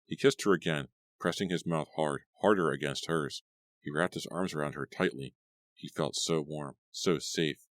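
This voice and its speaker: A man narrating an audiobook story with expressive storytelling. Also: very deep voice, normal speed, no room sound. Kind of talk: scripted narration.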